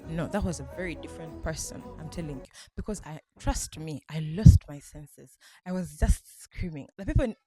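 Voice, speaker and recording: A woman vlogger from Uganda excitedly retelling a night out, laughing often as she talks. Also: low voice, normal speed, few pauses, over music. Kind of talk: casual storytelling vlog.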